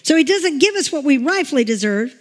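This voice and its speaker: Woman pastor, high voice, chatty storytelling sermon, echoing hall. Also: very animated, brisk. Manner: chatty, emotional, laughs while telling stories. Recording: long reverb in a large room.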